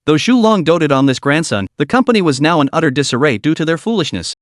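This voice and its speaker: A man narrating a scripted story recap with dramatic, expressive delivery. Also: on the high side, fast talker, dry recording, clean studio sound.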